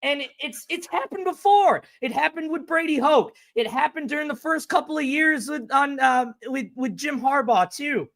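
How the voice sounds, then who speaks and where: A man's voice: very high-pitched, animated, moderate pace, hardly any pauses, fairly bright tone. A man co-hosting a sports podcast, delivering an exasperated, profane rant. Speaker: podcast co-host.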